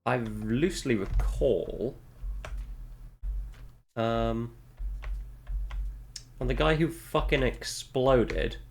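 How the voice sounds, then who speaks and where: A man's voice: mid-range voice, animated, very slow, gravelly, long pauses, a little hiss or hum. A young man streaming a game, thinking aloud and muttering, with frequent swearing as he puzzles out clues. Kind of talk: thinking aloud while playing.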